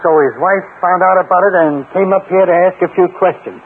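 A man playing a blunt, gruff police inspector in a 1940s radio drama, quick with slang. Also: high voice, lightly acted. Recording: tinny 1940s radio broadcast with faint hiss.

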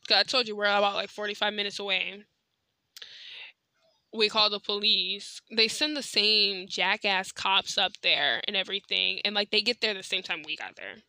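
A woman's voice: medium pitch, moderate pace, bright, forceful tone, no echo. A young adult woman hosting a podcast, telling a personal story in a chatty, candid way with lots of filler words. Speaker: podcast host. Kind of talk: casual storytelling monologue.

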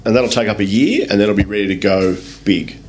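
A man with an Australian accent and a fairly low voice tells business stories as a guest in a relaxed interview. He talks in a loose, lively way, swears freely, calls people mate and acts out the voices of the people in his anecdotes. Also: brisk, slight background noise. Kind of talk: casual storytelling in a podcast interview.

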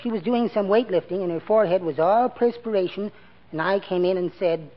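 A man's voice: sits high, brisk. A meek, mousy henpecked little man. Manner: gentle, prim and apologetic. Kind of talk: 1940s radio sitcom acting. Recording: dull lo-fi 1940s radio broadcast with faint hiss.

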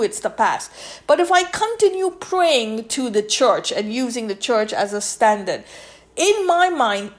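A woman with a high voice speaks alone as a podcast host. She lectures emphatically and repeats phrases over and over to drive her points home. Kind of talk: solo podcast monologue.

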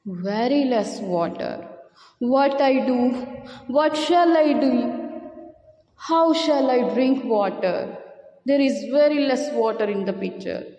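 A woman's voice: on the high side, takes it slowly, mellow, echoey room, long reverb tail. A woman voicing a thirsty, desperate male crow who pleads and caws in a storybook tale. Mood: worried. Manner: pleading, cawing between lines.

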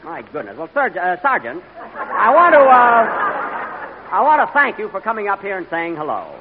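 A man hosting a live radio comedy show, talking with an indignant, halting manner full of uh's. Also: high voice, huge pitch swings, narrow, tinny audio, a crowd in the background. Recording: crackly 1940s radio broadcast with live audience.

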